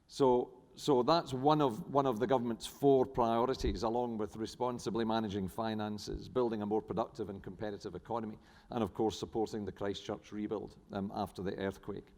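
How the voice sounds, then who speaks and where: A man's voice: on the low side, steady tone, brisk, darkish tone. A middle-aged man with a New Zealand accent giving a conference panel talk, hesitant with many fillers and restarts, and a dry sense of humour. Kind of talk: conference presentation. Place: large conference hall. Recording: echoey conference hall.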